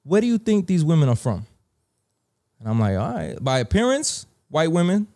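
A man with a New York accent telling a casual story, slangy and animated, acting out the dialogue. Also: a little high, moderate pace. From New York (Bronx).

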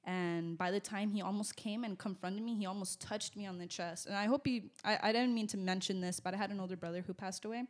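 A young woman telling a personal story in casual, animated speech with many fillers, on a close podcast mic. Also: mid-range voice, quick pace, few pauses. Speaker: guest. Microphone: podcast mic close to mouth.

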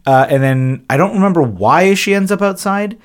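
A man's voice: high-pitched, moderate pace. A man co-hosting a podcast, casually recapping a movie scene by scene and laughing often. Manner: relaxed, laughs often, acts out quotes in voices. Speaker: podcast co-host. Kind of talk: casual chat recapping a film.

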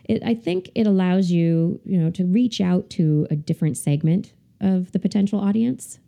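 A woman talking in a relaxed, thoughtful way as a guest in a casual podcast conversation. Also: lowish voice, moderate pace, gravelly. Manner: relaxed, thoughtful, some hesitations. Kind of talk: casual chat.

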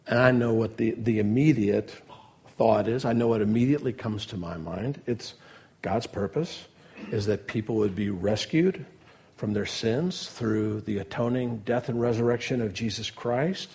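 A man's voice: fairly low pitch, normal speed, gravelly, dark tone, dull audio. A middle-aged man preaching a sermon in an earnest way, asking his listeners questions and leaning hard on key words. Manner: earnest, asks the audience questions, builds emphasis on key words.

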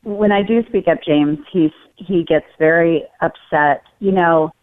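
A woman's voice: fairly low pitch, unhurried. A woman calling in to a talk show, speaking hesitantly and repeating words. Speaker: caller. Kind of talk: call-in conversation. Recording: tinny phone line.

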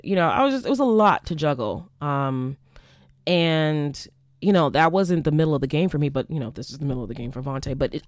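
A woman's voice: low voice, no room sound, studio quality. Candid, profane young woman telling a story. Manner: profane, animated, acts out quoted exchanges. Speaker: podcast host, former college teacher.

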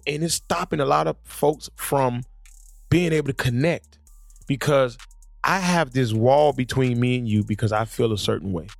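Sitting across from a guest in a studio, a man hosts a podcast, telling stories animatedly in casual conversation at the mic. His mid-range voice has a creaky quality, and he tends to repeat words when beginning sentences. The recording has no room sound.

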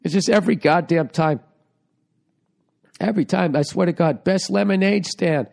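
A man hosting a solo comedy podcast, hoarse from a cold, rambling and swearing sarcastically. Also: high-pitched, moderate pace, darkish tone. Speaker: podcast host.

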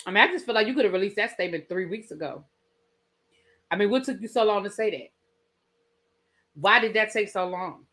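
A woman hosting a casual celebrity gossip podcast, talking in an animated, incredulous way with laughing asides. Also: medium pitch, fairly quick, pauses often. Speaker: podcast host.

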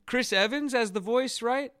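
A man in his thirties co-hosting a podcast, joking and animated in casual chat about parenting and movies. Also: very high voice, normal speed, clear, resonant tone, no echo, studio quality. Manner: animated, joking, laughs often. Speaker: podcast co-host.

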